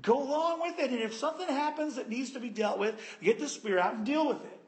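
A man preaching a sermon in an animated, conversational and playful way. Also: very high-pitched, a little fast.

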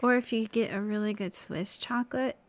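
A woman co-hosting a casual talk show with her husband, easygoing and quick to laugh. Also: mid-range voice. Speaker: podcast co-host. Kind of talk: casual chat. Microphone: studio mic.

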